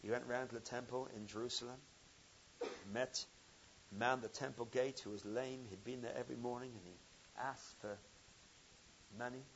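A man preaching a sermon, telling a story with swings from loud emphasis to quiet intensity. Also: medium pitch, steady tone, normal speed, gravelly, long pauses, lo-fi sound, a little hiss or hum.

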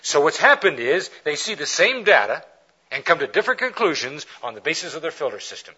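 A man's voice: fairly high pitch, fairly quick, slightly rough, dull audio. A man preaching a lecture-style sermon, telling illustrations and acting out the people in them. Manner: animated storyteller acting out quoted characters.

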